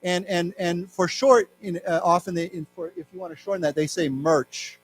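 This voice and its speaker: A middle-aged man with an American accent teaching an English lesson, explaining words and reading news aloud slowly. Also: sits high, soft background music, low-quality recording. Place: library lecture room.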